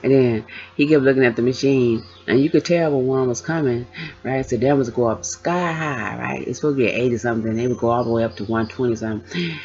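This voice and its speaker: A woman's voice: very deep voice, a little fast, a little mellow. A woman vlogger telling her own story casually, acting out the voices of the people in it. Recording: dull lo-fi sound.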